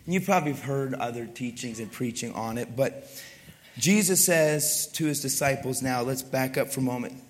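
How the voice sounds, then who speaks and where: Hoarse pastor with a raspy voice. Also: male voice, medium pitch, normal speed. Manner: chatty and self-deprecating, then hushed in prayer. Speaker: wrestling coach. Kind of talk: sermon. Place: church sanctuary. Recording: long hall reverb.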